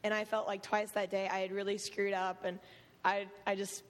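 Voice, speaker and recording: Teenage girl, hoarse worn voice, camp counselor, earnest emotional testimony, laughs often, long church reverb. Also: medium pitch, flat delivery, normal speed. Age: late teens.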